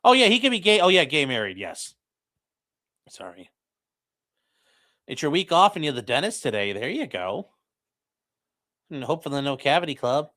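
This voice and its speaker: Lively bright-voiced man chatting on a stream. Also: on the high side, normal speed, pauses often. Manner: loose, joking and crude, reads chat aloud. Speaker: livestream host reacting to a trial. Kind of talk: casual late-night livestream chat. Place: home.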